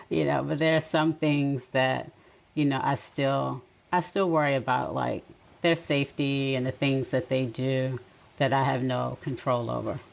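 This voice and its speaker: Low, gravelly-voiced middle-aged woman. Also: poor audio. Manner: reflective, gently advising, with soft laughs. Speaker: podcast guest. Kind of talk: casual conversation.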